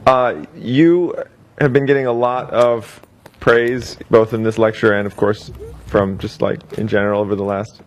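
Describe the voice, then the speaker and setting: A man in the audience asking a magician questions, halting and restarting his sentences. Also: fairly low pitch, fairly even intonation.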